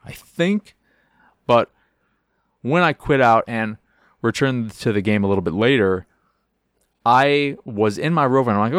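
A man with a fairly low voice rambles through a casual video game chat and swears freely. He acts out little scenes as he goes. His sound is close and dry, with no room around it. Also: no room sound. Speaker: podcast host.

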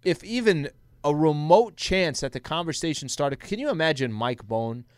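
A man co-hosting sports talk radio, chatty and quick with stories. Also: a little high, lively intonation, clear, resonant tone, dry recording, studio quality.

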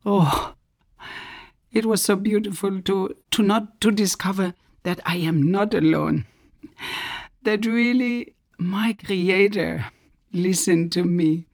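A middle-aged German woman, an author, presents her own book through earnest personal storytelling. She speaks slowly at medium pitch and often drops into a soft near-whisper.

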